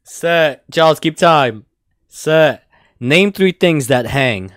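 A man's voice: fairly high pitch, lively intonation, slow pace, fairly bright tone, dry recording, clean studio sound. A man hosting a casual party game on a podcast, joking and laughing often between rounds.

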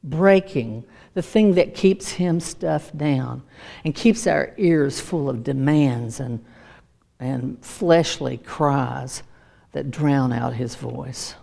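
A middle-aged woman giving a sermon as a personal story, animated and laughing often, acting out voices. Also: very deep voice, takes it slowly, vocal fry. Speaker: preacher.

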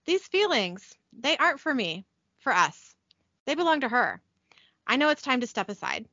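A woman reading the lines of an earnest female angel, in a soft, sincere tone. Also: high-pitched, very animated, normal speed, no echo, highs cut off, heavily acted.

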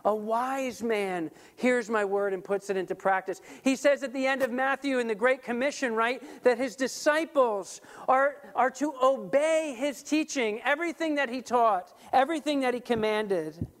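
High-voiced emphatic male preacher. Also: moderate pace, few pauses. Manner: animated, emphatic, with restarts. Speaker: pastor. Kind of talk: sermon.

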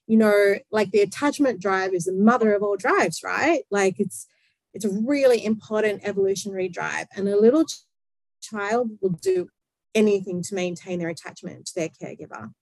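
Woman, guest explaining psychology, fast animated delivery, dry recording. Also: medium pitch, vocal fry, no room sound, poor audio. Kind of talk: explanatory conversation.

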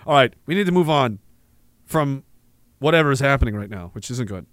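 A man's voice: mid-range voice, expressive, moderate pace, no room sound. A man hosting a livestream, reading viewer messages in a profane, rambling way and laughing often. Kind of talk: casual livestream chat.

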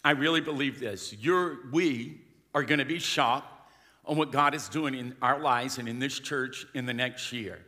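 Bright-voiced preaching man in a hall. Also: medium pitch, unhurried. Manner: emphatic preaching with call-and-response. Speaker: pastor. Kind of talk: sermon. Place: church sanctuary.

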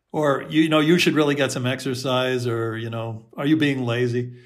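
A man on a video call, talking gently and thoughtfully, with soft laughs and short acted-out inner voices. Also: fairly high pitch. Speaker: host and self-compassion teacher.

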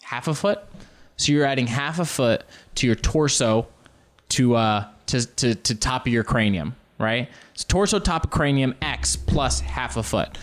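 A man telling casual, rambling stories on his own show, often jumping into loud comic impressions. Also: medium pitch, animated, unhurried. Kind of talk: casual solo storytelling.

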